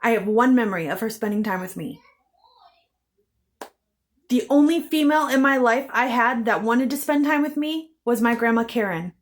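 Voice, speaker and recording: A woman's voice: a little high, lively intonation, moderate pace. A woman telling her own story to camera in an intense, bitter way, swearing heavily and repeating phrases for emphasis. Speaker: vlogger. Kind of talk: emotional personal storytelling.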